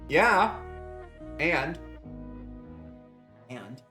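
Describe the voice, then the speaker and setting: A man's voice: a little high, very animated, very slow, over music. A young man streaming casually from his home kitchen while he bakes, rambling cheerfully and greeting his chat with strings of hellos.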